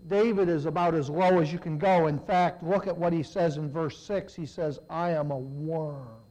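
A man preaching a sermon, swinging between loud emphatic lines and low, hushed ones. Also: moderate pace, low-quality recording.

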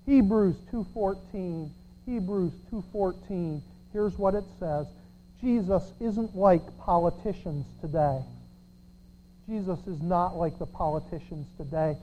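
A pastor preaching a sermon, sarcastic, swinging from shouts to quiet asides. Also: medium pitch, unhurried, muffled recording, a little hiss or hum. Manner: sarcastic, swinging between shouts and near-whispers.

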